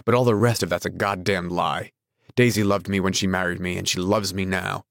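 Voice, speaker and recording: A man's voice: sits low, fairly even intonation, fairly quick, creaky, fairly bright tone, dry recording, clean studio sound. A man voicing an arrogant wealthy husband who speaks in an incredulous, insulting, snapping way. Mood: scornful.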